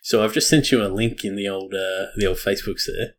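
A man's voice: fairly low pitch, fairly even intonation, a little fast. Rambling, teasing man co-host. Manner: rambling, teasing, lots of fillers and laughs. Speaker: podcast co-host. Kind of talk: casual chat.

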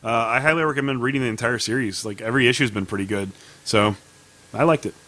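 A man's voice: mid-range voice, quick pace, fairly bright tone. A man hosting a casual chat, upbeat and steering the talk. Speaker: podcast host.

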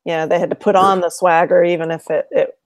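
A woman co-hosting a podcast, chiming in with measured, supportive comments. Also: lowish voice, little pitch movement, no room sound. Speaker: podcast co-host. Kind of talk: casual chat.

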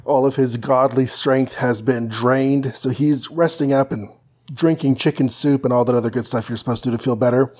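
A man's voice: medium pitch, steady tone, moderate pace, darkish tone. A man co-hosting a podcast, chatting casually and summarizing an old comic, with lots of "like". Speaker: podcast co-host.

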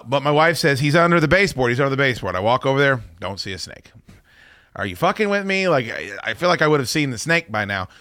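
A man's voice: medium pitch, pushed and bright, dry recording, studio quality. A man hosting a talk show, telling a story in a wry, profane, casual way. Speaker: radio show host.

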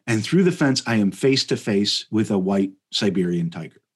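Husky-voiced man telling a rambling story. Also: lowish voice, normal speed. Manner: animated, rambling, laughs mid-sentence, many fillers. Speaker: podcast guest telling a story. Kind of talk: casual comedic storytelling.

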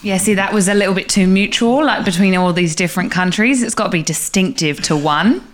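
A woman playing a blunt, crude female tiger widow in an improvised comedy podcast, talking in a deadpan way. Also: medium pitch, a little fast, lightly acted. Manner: deadpan, crude trash talk.

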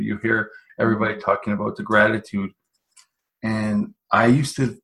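A man's voice: on the low side, a bit bright. A man hosting a casual podcast conversation, encouraging and often restarting his sentences.

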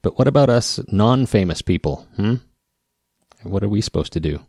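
Gravelly low-voiced rural Midwestern man. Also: lively intonation, moderate pace, a little mellow, dry recording, clean studio sound. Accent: rural Western Midwest American. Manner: rambling, self-interrupting, wry. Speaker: podcast host. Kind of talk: casual podcast talk.

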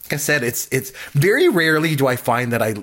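A man in casual chat about a film, animated and acting out quotes in funny voices. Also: mid-range voice, quick pace. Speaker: podcast co-host.

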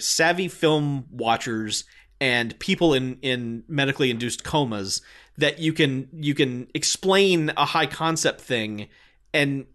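A man's voice: fairly high pitch, a bit bright. A man in a casual film review chat who talks animatedly, swears freely and acts out his own reactions.

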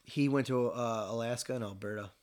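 Speaking a little fast at medium pitch, this Michigan man recounts a hunting tale casually. He's lively, swears a lot, and imitates the voices of the story's characters.

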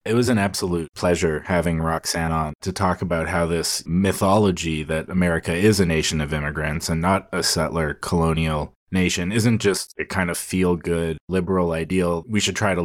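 A man with a very deep voice co-hosting a casual podcast. He talks in a relaxed, wry manner. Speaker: podcast co-host.

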